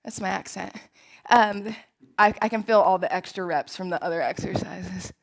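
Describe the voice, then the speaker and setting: A woman's voice: mid-range voice, moderate pace, vocal fry, rough recording. A woman fitness instructor leading a live workout, upbeat and encouraging, who laughs often.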